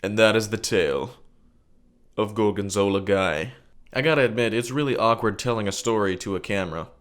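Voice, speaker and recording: Lively male storyteller, lowish voice. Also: fairly quick. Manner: lively storyteller, acts out quotes. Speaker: bartender telling a story. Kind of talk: storytelling vlog to camera.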